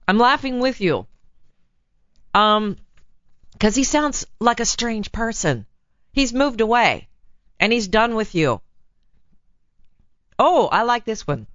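A woman's voice: a little high, lively intonation, slow, pauses often, a bit bright, no echo, lo-fi sound. A woman hosting a relationship advice show, talking frankly and laughing easily as she reads a listener's letter.

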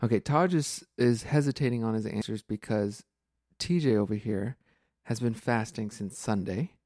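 A man's voice: lowish voice, normal speed, darkish tone, no echo, clean studio sound. A man in his forties co-hosting a casual podcast, chatty and upbeat, laughing often. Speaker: podcast co-host.

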